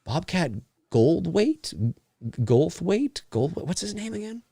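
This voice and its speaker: A man's voice: high-pitched, very animated, slow pace, gravelly, crowd noise. A man in his forties co-hosting a casual live show, reading viewer messages and rambling as he searches for names. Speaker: podcast co-host reading live chat. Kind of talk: casual live commentary chat.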